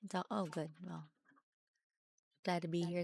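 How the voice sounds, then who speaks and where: A woman streamer reading forum posts aloud during a game stream, halting and mumbling at times. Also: fairly low pitch, steady tone, vocal fry, darkish tone, dry recording.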